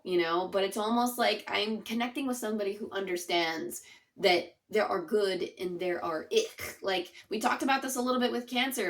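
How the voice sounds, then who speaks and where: A woman's voice: mid-range voice, fairly bright tone. Chatty woman giving a tarot reading. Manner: chatty, earnest, full of "like" and "it's almost like". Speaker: tarot reader. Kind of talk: casual spoken tarot reading.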